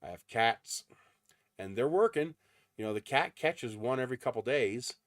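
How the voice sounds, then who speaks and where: A man's voice: mid-range voice, animated, fairly quick, no room sound, clean studio sound. A man hosting a casual livestream from his desert home, chatting in a rambling way with frequent ums. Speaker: livestream host.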